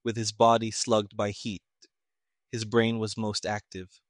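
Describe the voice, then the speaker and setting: A man's voice: on the low side, a little slow, no echo. Man narrating an audiobook, dry sound. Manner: steady, plain storytelling.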